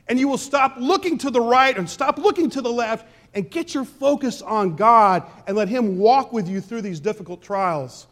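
A pastor preaching a conversational sermon, swinging between loud emphasis and quiet asides. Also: male voice, high voice. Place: church sanctuary.

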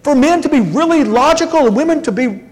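High-voiced joking preacher. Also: male voice, animated, darkish tone. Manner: conversational, joking preaching with quick asides. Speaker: pastor. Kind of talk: sermon. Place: church sanctuary. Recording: long hall reverb.

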